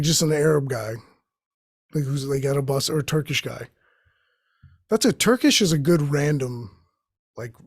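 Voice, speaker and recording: A man's voice: on the high side, darkish tone, no room sound, clean studio sound. A young man hosting his own show, riffing profanely in a rambling comedic monologue that jumps between tangents. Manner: profane, tangent-jumping, acts out quoted voices. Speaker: host.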